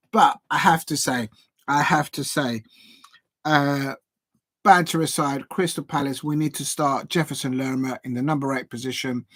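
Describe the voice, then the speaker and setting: A man with a slightly high voice hosts a live football watch-along on his channel, chatty and excitable, breaking into shouts at big chances. There's no echo.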